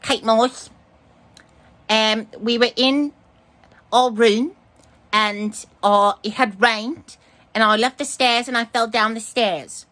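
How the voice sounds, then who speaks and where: A man putting on the voice of an old British granny-like woman, speaking in a halting, hesitant way. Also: very high-pitched, fairly even intonation, bright, forceful tone, voice pushed up, heavily acted.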